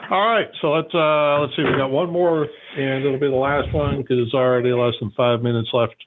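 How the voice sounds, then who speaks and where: A man's voice: medium pitch, steady tone, moderate pace, background noise. Man hosting a call-in show. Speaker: host. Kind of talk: call-in radio talk. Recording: phone-like narrow sound.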